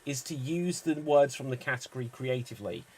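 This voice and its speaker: A man hosting an online improv comedy show, explaining the games in a brisk, upbeat way. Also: medium pitch, lively intonation, darkish tone, slight background noise.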